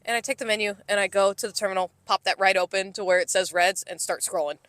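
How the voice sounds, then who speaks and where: A young woman with a bright, forceful voice venting about her work shifts on a podcast. She mimics customers in exasperated bursts and swears freely. The recording is dry and close. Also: mid-range voice, steady tone, fast talker, dry recording. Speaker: podcast co-host, restaurant server. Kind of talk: casual chat.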